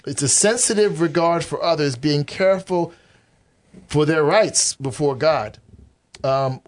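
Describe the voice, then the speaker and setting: A man teaching from the Bible in a relaxed conversation. He often restarts his sentences and acts out what God might say. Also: fairly high pitch, measured pace. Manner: animated, acts out God's voice in quotes; restarts and repeats phrases often.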